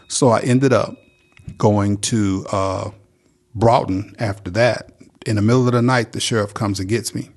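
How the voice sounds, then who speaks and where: Earnest man, low voice. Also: darkish tone. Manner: earnest, plainspoken storytelling. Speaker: guest. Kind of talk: personal recovery testimony.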